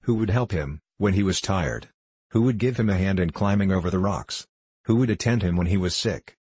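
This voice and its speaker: A man's voice: low-pitched, brisk, darkish tone, slightly rough, no echo. A man voicing a cheerful, loyal young male servant in a storybook reading, speaking in an eager, earnest way.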